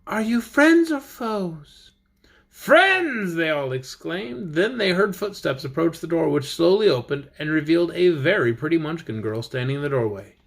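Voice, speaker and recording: Lively man reading a storybook aloud. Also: on the high side, fairly quick, vocal fry, few pauses. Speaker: audiobook reader. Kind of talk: reading a children's book aloud.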